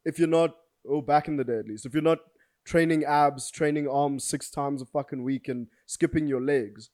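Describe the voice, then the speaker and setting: A man's voice: on the high side, moderate pace, darkish tone. A young man in his twenties chatting casually as a podcast co-host, laid-back and full of slang like bro and dude. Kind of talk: casual chat.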